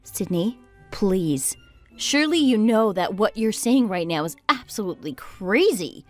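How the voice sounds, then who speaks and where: A woman voicing a level-headed young wife who narrates and argues calmly with her sister-in-law. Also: medium pitch, unhurried, faint music behind. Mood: exasperated. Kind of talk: texting-story voice acting.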